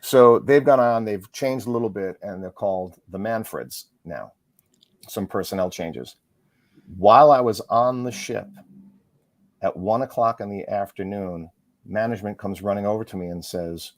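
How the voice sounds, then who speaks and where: A middle-aged man, a musician and author, chatting as an interview guest, rambling quickly through stories with lots of fillers. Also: on the low side, dry recording. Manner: fast, rambling storyteller with frequent fillers. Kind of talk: casual interview chat.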